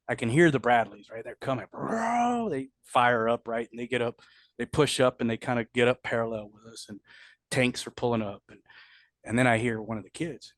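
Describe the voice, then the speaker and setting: A man's voice: mid-range voice, a bit bright, no echo. Blunt, profane middle-aged man telling war stories. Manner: blunt, profane, with many restarts. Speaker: combat veteran interviewee. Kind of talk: candid storytelling interview.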